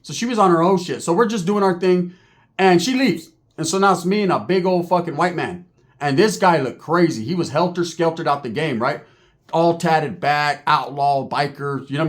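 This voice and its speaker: A man telling a story in a casual, animated and profane streetwise way. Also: fairly high pitch.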